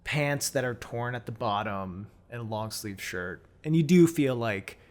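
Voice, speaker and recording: A man narrating as game master of a tabletop role-playing game, describing scenes in a relaxed way. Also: mid-range voice, a little slow. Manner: relaxed, laughs often while describing scenes.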